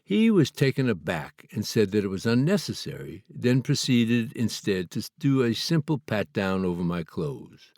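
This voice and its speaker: A man from Canada reading his own memoir aloud in a measured, earnest, slightly formal way. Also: lowish voice, sing-song, a little mellow, no echo, studio quality. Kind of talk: memoir audiobook narration.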